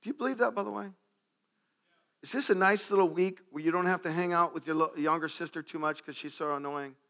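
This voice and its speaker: A man preaching a sermon to a congregation, animated and jokey, acting out little scenes. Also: fairly high pitch, quick pace. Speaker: pastor.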